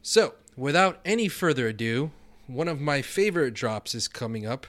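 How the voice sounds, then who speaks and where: A man's voice: medium pitch, animated, moderate pace, a bit bright. A man co-hosting a fantasy football podcast, chatting upbeat and laughing often. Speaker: podcast co-host. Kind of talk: casual podcast chat.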